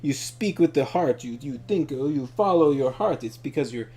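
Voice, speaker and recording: A man's voice: mid-range voice, normal speed, pitched above the performer's own voice, natural voice. A man putting on the voice of his earnest, rambling aunt who speaks broken English. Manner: excited, rambling, broken grammar.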